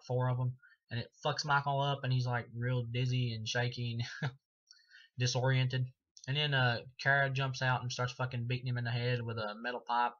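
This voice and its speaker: A man reviewing a film in a loose, rambling way, cursing often and padding with "uh" and "like". His voice is bright and tense but stays fairly flat in pitch. The recording sounds dull and lo-fi. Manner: rambling, profane, full of fillers. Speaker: movie reviewer. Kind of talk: casual spoken film review.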